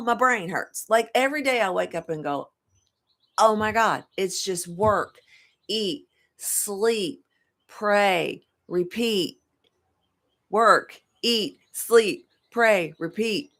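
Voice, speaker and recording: A middle-aged woman with a drawl rambles through a casual talk to camera. Her low voice swings up and down a lot, and she laughs and swears freely. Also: fairly bright tone. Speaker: tarot reader and life coach.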